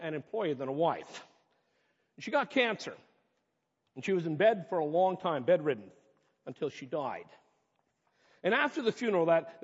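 A man's voice: a little high, husky. A man preaching a sermon as pastor, earnest and conversational, rising to impassioned peaks, recorded in a church. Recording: reverberant hall, dull muffled sound.

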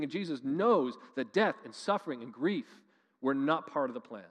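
A male pastor from Canada preaching a sermon with passion, moving between loud emphatic lines and quiet, slow ones. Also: medium pitch, lively intonation. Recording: long reverb of a large hall.

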